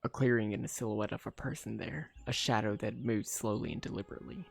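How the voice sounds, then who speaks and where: A man streaming a game, reading its story aloud with quick asides of his own. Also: fairly low pitch, steady tone, vocal fry, soft background music. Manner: narrates steadily, breaks off with quick asides. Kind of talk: reading a visual novel aloud with commentary.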